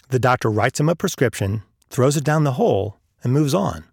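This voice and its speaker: A man's voice: medium pitch, lively intonation, a little fast, creaky, few pauses, dry recording, clean studio sound. A man narrating an audiobook chapter, telling a story and lifting his voice for the characters' lines. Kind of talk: audiobook narration with acted dialogue.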